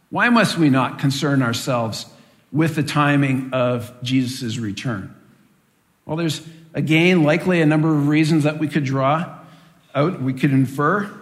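A man preaching through a scripture passage at a steady, deliberate pace, asking questions and then answering them himself. His voice sits a little high for a man. A long reverb trails behind him, as in a large hall. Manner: measured and deliberate, with rhetorical questions. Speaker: preacher teaching from Acts. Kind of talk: expository Bible teaching.

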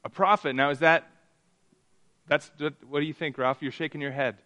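A man's voice: a little high, moderate pace, sharp tone. A man leading an interactive Bible class, reading scripture aloud, asking the group questions and often restarting his sentences. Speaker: Bible study teacher.

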